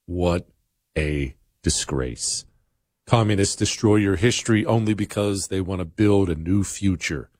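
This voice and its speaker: A man's voice: low voice, unhurried, darkish tone, no room sound, studio quality. Blunt, emphatic male talk radio host. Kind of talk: opinionated radio monologue.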